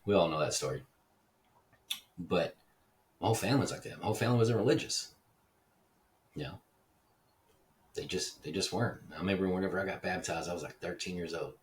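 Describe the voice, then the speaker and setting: A Texas-raised man with an extremely deep voice, talking in a loose, wandering monologue and swearing casually. The mic sits some distance away, with faint hiss underneath. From Dallas, Texas (Oak Cliff). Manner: rambling, digressive, swears casually. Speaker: podcast host.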